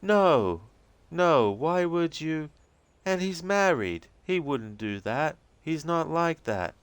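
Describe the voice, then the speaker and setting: A fragile, dazed young waitress, as a man reads her part aloud, sobbing through slow, broken sentences. Her voice sits high and trembles while she pleads. It comes across smooth and close, with no room sound. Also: very animated, no room sound, heavily acted. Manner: halting, tearful, slow and pleading. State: crying. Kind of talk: reading game transcripts aloud with voices.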